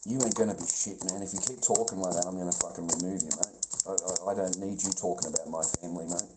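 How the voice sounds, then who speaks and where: A man's voice: fairly even intonation, fast talker, very noisy. A man on a live stream, talking to his chat in a profane, confrontational way, calling everyone mate and brother. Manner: trails off into low mumbling. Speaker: livestreamer.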